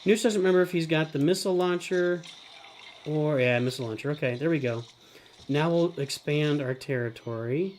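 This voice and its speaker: Excitable middle-aged male game streamer. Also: a little high, normal speed, a little hiss or hum. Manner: talks about himself in third person, excitable outbursts. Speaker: streamer host. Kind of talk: live gameplay commentary.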